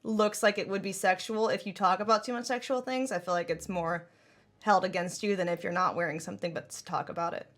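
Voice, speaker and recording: A woman's voice: on the low side, steady tone, a little fast, fairly bright tone. Rambling woman chatting on a podcast. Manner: filler-heavy, rambling with frequent "like". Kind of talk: casual podcast chat.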